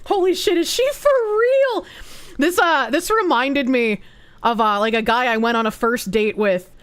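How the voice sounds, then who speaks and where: A woman's voice: high-pitched, normal speed, a bit bright, smooth, no room sound. A woman streaming as a VTuber, chatting crudely with heavy swearing and frequent laughter, rambling and cutting herself off mid-sentence. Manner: crude, heavily profane, laughs often; rambling and self-interrupting. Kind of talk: casual reaction stream chat.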